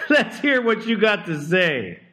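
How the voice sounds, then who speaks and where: A man's voice: sits high, sing-song, slow pace, very noisy. A man hosting a fan talk show, commenting in a laid-back, wry way. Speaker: host.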